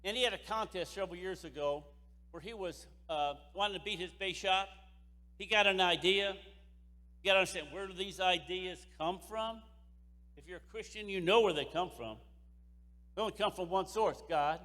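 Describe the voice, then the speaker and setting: Man, motivational speaker, emphatic and repetitive, bright tone, reverberant hall. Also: high voice, normal speed. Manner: impassioned, emphatic, repeats phrases. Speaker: keynote speaker at a sales convention. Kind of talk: motivational speech.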